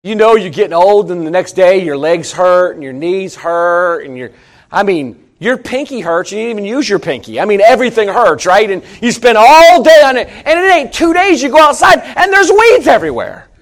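A middle-aged man preaching a sermon in a conversational, joking way, with sudden loud outbursts. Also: high voice, very animated, normal speed. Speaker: pastor.

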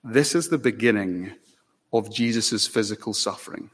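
A man preaching a sermon in a church, dramatic and impassioned, rising to emphatic peaks and slowing into solemn stretches. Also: on the low side, slightly rough. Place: church sanctuary. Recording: long hall reverb.

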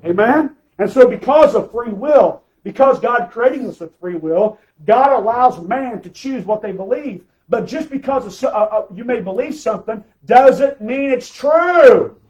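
A man preaching a sermon, emphatic, calling for amens and swinging between loud and soft. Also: very high-pitched, expressive, unhurried, hardly any pauses, low-quality recording. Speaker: pastor.

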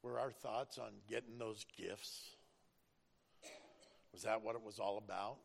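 Gravelly, earnest man. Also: fairly low pitch, steady tone, a little slow. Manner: earnest, preacherly, emotional. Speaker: school bus driver. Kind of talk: personal testimony.

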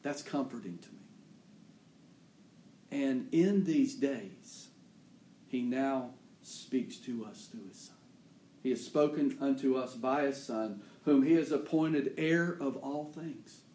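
A man's voice: mid-range voice, slow, mellow, a little hiss or hum. Preaching man in an echoey room. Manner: preaches with rising emphatic bursts; folksy plain grammar. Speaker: pastor. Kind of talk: sermon.

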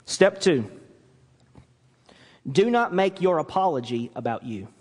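A man preaching from the pulpit in a slightly high, very lively voice that rises and falls as he drives each point home. He slips into little acted-out apologies to make his case. The sound carries the long reverb of a church hall. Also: a little slow. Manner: animated preaching, acts out quoted apologies. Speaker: pastor. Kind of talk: sermon. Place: church sanctuary.

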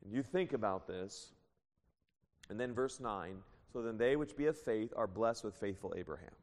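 A man's voice: lowish voice, expressive, normal speed, a little mellow. A man preaching a sermon, reading scripture aloud and explaining it, at times raising his voice. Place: church sanctuary. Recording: long hall reverb.

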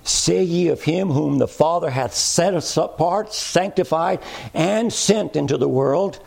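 A preacher delivers a sermon in a gravelly, slightly husky voice that sits a little high for a man. He builds his points with rising, emphatic cadences. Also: unhurried, a little mellow. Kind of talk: expository sermon.

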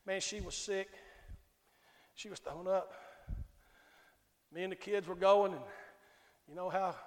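A Southern male pastor with a high-pitched voice preaches in a folksy, storytelling way. He keeps calling out to his congregation as he goes. His voice rings through a reverberant church sanctuary. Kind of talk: sermon.

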